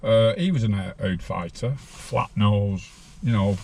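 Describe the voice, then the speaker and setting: A man's voice: fairly low pitch, unhurried, vocal fry, a little mellow. A man in his sixties, a podcast guest telling a rambling story from his own life in a plain-spoken way.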